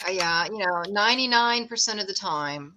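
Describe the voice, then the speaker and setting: Medium in pitch and expressive, her voice comes through over some background noise. She's a middle-aged woman who runs a ghost tour, a guest in a relaxed chat, telling stories with plenty of jokes.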